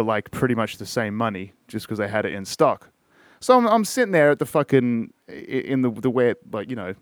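A man's voice: medium pitch, dry recording, clean studio sound. An Australian man telling a rambling, profane story in a casual podcast chat. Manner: profane, rambling, self-interrupting. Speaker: podcast host.

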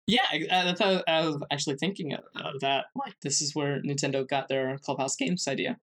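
A man co-hosting a podcast, presenting a researched segment in casual chat, halting with many fillers and restarts. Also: fairly high pitch, a bit bright. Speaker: podcast co-host.

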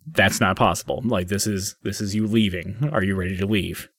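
Weary male gatekeeper of the dead, low and stern, a man doing it. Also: steady tone, normal speed, a bit bright, dry recording. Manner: tired, patient and clipped. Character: weary male gatekeeper of departing souls, stern but polite.

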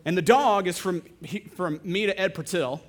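A young adult man, a pastor, preaching a sermon and telling a story with lively, animated delivery. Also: high-pitched, normal speed. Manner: animated storytelling, acting out other voices.

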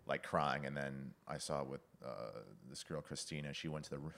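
A very deep-voiced man in a relaxed podcast conversation. He tells stories with energy and often slips into quick impressions of the people he describes. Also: vocal fry. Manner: animated storytelling, acts out quoted lines, laughs often. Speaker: podcast guest discussing film. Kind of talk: casual chat.

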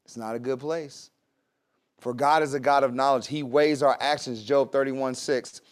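A man's voice: mid-range voice, steady tone, normal speed. A man preaching a sermon in a conversational way, with laughs and asides to the congregation. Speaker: pastor.

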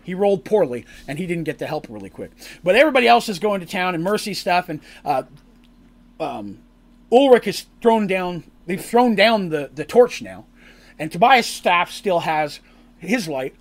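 A man recapping a tabletop role-playing session as game master, in animated storytelling that bursts into acted character lines. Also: high voice, normal speed. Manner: lively, acts out characters' lines in shouts and squeals.

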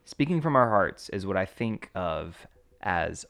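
A man co-hosting a podcast, recapping excitedly and reading a quote in casual chat. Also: measured pace, vocal fry. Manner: excitable, jumps into squeaky character voices. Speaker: podcast co-host.

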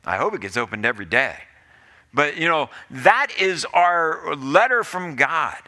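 A man's voice: fairly high pitch, sing-song, measured pace, sharp tone. A male pastor preaching a sermon in an earnest, pleading way, often repeating his phrases.

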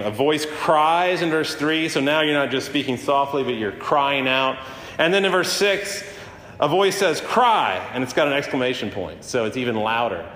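A man giving a sermon in a casual, conversational way, with many fillers and restarts. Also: fairly bright tone. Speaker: preacher. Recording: roomy hall with long reverb, faint rumble.

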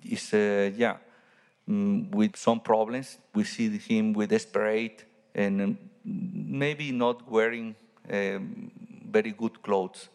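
Priest giving a homily, halting non-native English, lowish man's voice, long church reverb. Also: steady tone, darkish tone. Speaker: Catholic priest.

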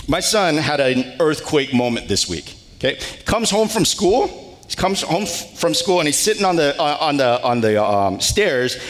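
A man in his thirties preaching a sermon as pastor, telling a family story with lively animation. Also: medium pitch. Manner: animated storytelling with wails and laughs. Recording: long hall reverb.

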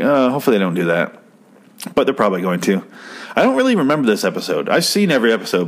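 A young man recapping a TV episode in a casual, rambling, profane commentary, getting excited as he goes. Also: on the low side. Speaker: show host.

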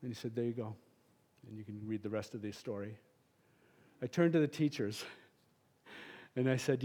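A middle-aged man preaching a sermon in a church, passionate and emphatic, with sudden loud peaks and then a soft, quiet prayer. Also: mid-range voice, moderate pace, long pauses. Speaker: pastor.

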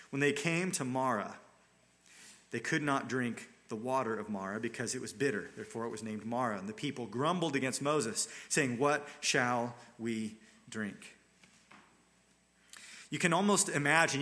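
Bright-toned man preaching a sermon. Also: mid-range voice. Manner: earnest storytelling, dramatizes the scripture scene. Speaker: pastor.

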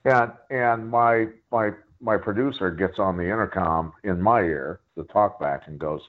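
A man guest telling a rambling story in a profane, animated way during a casual chat. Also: low-pitched, unhurried, few pauses. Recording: phone-like line.

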